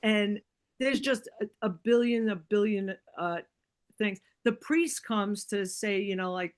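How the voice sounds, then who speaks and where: With a medium-pitched voice and measured pace, this podcast guest shares personal anecdotes in a relaxed way. She brings quoted dialogue to life and fills her speech with "like" and "right?".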